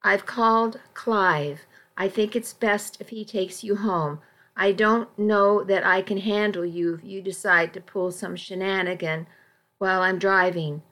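A woman voicing a caring, firm middle-aged aunt in an audiobook, gentle but stern and pleading. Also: mid-range voice, fairly even intonation, a little slow, close to an everyday voice. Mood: concerned, stern. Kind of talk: audiobook reading.

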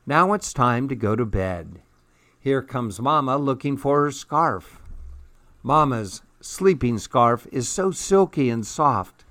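Brief: gentle male read-aloud narrator, unhurried, dry and close. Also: mid-range voice, expressive, no echo. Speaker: storyteller. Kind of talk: children's storybook read-aloud.

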